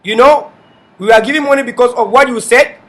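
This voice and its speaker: A man hosting an online TV show, addressing viewers in an emphatic, repetitive way with bursts of shouting. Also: very high-pitched, fairly quick. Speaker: online TV host. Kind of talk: impassioned livestream address.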